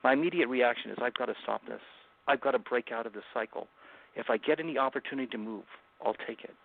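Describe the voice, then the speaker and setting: A man with a gravelly, rough-edged voice recounts a personal story as a guest on an interview show. He tells it intensely, acting out what each person said. The sound is thin and tinny, like a phone line. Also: mid-range voice, fast. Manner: intense, dramatic first-person retelling with acted-out quotes. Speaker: guest author.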